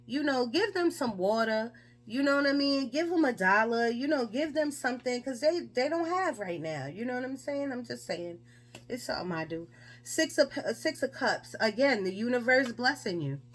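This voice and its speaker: A woman gives a casual tarot reading. She talks in a chatty, emphatic way and fires off rhetorical questions. Her voice sits at an ordinary middle pitch. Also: a bit bright. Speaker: tarot reader.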